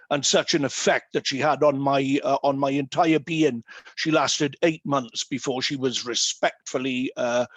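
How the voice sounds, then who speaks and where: A man telling humorous stories with many fillers and pauses, speaking as guest at an online meeting over a video call. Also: on the high side, dry recording. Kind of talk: anecdotal talk at an online meeting.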